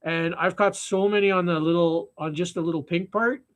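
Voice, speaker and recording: A Canadian man hosts a live stream, chatting casually as he ties flies, his rambling talk full of fillers and sentences he trails off and restarts. His voice is high-pitched with fairly even intonation, and he speaks at a moderate pace.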